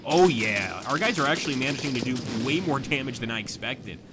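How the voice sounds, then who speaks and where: A man commentating his own live stream of a strategy game, chatting to viewers as he plans moves, with sudden bursts of excitement. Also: medium pitch, brisk, background noise.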